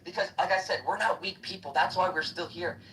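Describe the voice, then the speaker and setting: A man's voice: high-pitched, steady tone, a little fast, fairly bright tone, slight background noise. A man ranting aggressively and with heavy profanity in a heated live-stream debate. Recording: voice distant from the mic.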